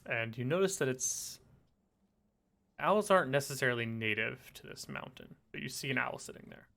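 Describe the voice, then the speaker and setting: A man running a tabletop game as game master, narrating the scene in a relaxed way with frequent fillers. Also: mid-range voice, moderate pace, creaky, a little hiss or hum.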